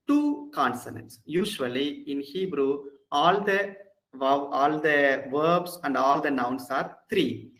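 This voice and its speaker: A patient Bible college instructor with an Indian English accent leads an online Hebrew grammar class, going back over key points to reassure students. His slightly high, somewhat bright voice comes through a rough recording.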